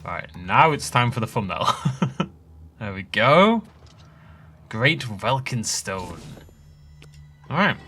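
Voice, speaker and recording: A man's voice: mid-range voice, sing-song, takes it slowly, long pauses, pushed and bright, slight background noise. A young adult man hosting a let's play, chatting casually and rambling off on tangents while he plays. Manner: chatty, rambling asides with laughs. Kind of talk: casual gameplay commentary.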